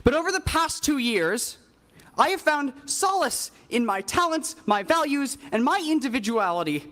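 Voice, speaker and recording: Very high-voiced, lively earnest speaker. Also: male voice, moderate pace. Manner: earnest, pleading. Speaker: public commenter. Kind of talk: reading a prepared public statement.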